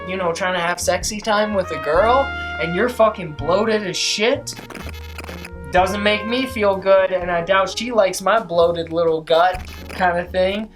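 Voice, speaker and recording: Low-voiced, profane, emphatic young woman. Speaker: vlogger. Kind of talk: casual motivational monologue.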